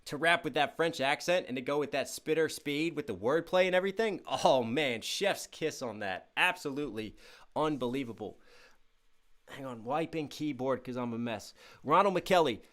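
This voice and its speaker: A young man with a mid-range, expressive voice hosts a casual livestream at normal speed. He reads out donations and chat messages with upbeat energy and hyped shout-outs, though he sounds a little tired.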